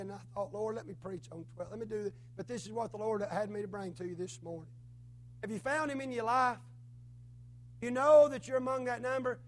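Hoarse high-voiced preacher man. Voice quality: hoarse, strained voice. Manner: fervent, rising to shouts then dropping low. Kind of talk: sermon.

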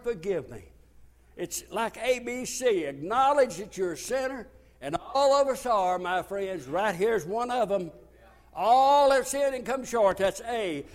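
A man preaching an impassioned sermon and giving an altar call, shouting at his peaks. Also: extremely high pitch.

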